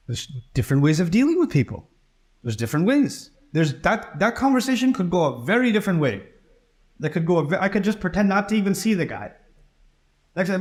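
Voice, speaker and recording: A man with a fairly high voice delivers a sermon. He talks in a relaxed, conversational way and acts out the people in his stories. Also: fast. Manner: conversational, acts out quoted dialogue. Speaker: preacher.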